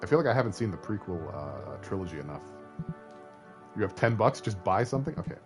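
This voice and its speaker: A man's voice: low voice, very animated, fast talker. Joking streamer man from Canada. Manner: joking and chatty, talks to chat. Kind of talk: reading a story game aloud on a live stream. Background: faint game music.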